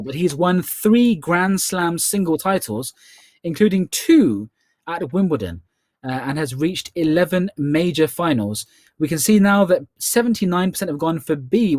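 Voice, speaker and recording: Chatty Scottish quiz host, man, a little high-pitched, close and dry. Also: a little mellow, dry recording. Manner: chatty, repeats questions slowly. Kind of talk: online charity quiz hosting.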